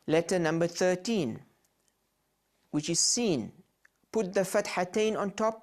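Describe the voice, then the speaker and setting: A man teaching Quran reading, sounding out each letter and syllable slowly and repeating them for learners. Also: a little high, expressive. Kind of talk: slow instructional recitation of letter sounds.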